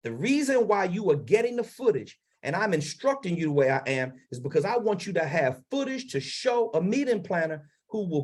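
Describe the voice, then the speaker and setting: A man from Maryland coaching public speakers on a livestream, emphatic and blunt, with dramatic pauses and sudden swings from soft to loud, on a lavalier mic. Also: on the high side. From Maryland, United States.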